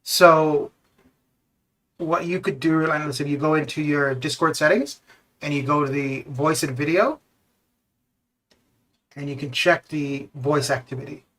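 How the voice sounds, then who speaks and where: Man, game streamer, slightly high pitch, rambling casual chat, laughs often. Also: steady tone, a little slow, pauses often, fairly bright tone. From Canada. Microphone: voice chat over Discord.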